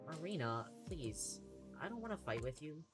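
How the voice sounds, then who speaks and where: Gentle, apologetic young woman from a story game, soft and hesitant, read aloud by a streamer, with background music. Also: mid-range voice, very animated, normal speed, lightly acted. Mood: pleading. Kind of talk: reading game dialogue aloud.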